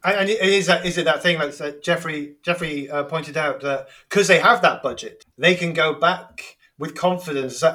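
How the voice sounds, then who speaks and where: English guy hosting a music podcast, bright voice, kinda halting and chatty. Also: on the high side. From England. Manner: chatty, hesitant, laughs easily. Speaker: podcast host. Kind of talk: casual music discussion.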